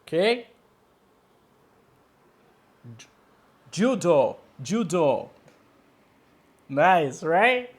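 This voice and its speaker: A man with a Brazilian Portuguese accent gives a one-on-one English lesson. His pitch rises and falls in a lively way as he repeats key words. He keeps checking in with the student. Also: slow pace, pauses often. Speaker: English teacher.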